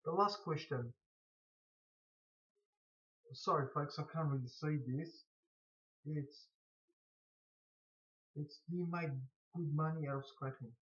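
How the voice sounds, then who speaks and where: A man with a blocked nose from hay fever, answering viewer questions in a casual, halting way with stutters and restarts. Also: on the high side, a bit bright. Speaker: scrap collector vlogger. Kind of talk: casual to-camera Q&A. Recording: dull lo-fi recording.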